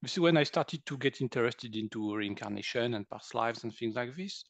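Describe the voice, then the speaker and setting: French-accented man telling an animated story. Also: medium pitch, fairly quick, dry recording. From France. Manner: animated, laughs often, acts out quoted speech. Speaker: guest, energy healer. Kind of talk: storytelling interview.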